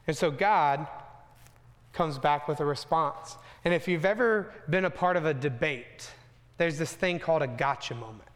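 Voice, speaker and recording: A young man preaching a sermon in a relaxed, conversational way, with casual asides to the congregation. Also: fairly high pitch, normal speed, long reverb tail.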